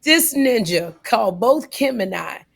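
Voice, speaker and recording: A woman co-hosting a podcast, telling a story in casual comedic style, animated and getting loud on punchlines. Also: fairly high pitch, measured pace, gravelly. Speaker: podcast co-host.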